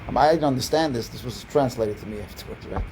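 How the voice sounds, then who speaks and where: Speaking quickly in a medium-pitched, darkish voice, this rabbi delivers a storytelling lesson on a video call, wandering off track, repeating words and starting over often. Quotes from others get a lift in his voice. Audio is poor, with slight background noise.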